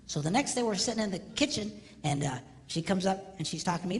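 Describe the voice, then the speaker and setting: A man's voice: high-pitched, expressive, fast. A man in his fifties telling self-mocking stories to a live audience, acting out the voices. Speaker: comedic speaker. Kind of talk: live stand-up style storytelling. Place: large hall with live audience. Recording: live stage, long hall reverb, audience noise.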